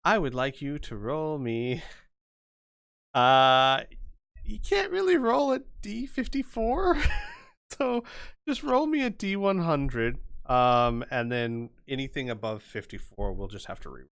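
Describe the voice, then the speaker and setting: A man runs a tabletop game session, talking players through dice rolls in a loose, casual way. His voice is mid-pitched. The recording is dry and close. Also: big pitch swings, slow, creaky, a bit bright, clear, resonant tone, no echo. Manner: casual, explaining rules with fillers. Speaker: game master.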